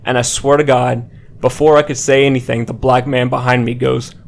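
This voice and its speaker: Man telling a lively anecdote. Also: mid-range voice, fairly quick, creaky, very noisy. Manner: animated anecdote telling with laughs. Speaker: podcast co-host. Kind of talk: casual storytelling among friends.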